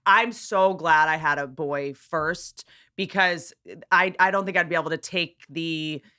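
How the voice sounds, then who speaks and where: A woman's voice: low voice, unhurried, pushed and bright, clean tone. A woman guest on a comedy podcast, trading blunt, dry jokes in casual chat.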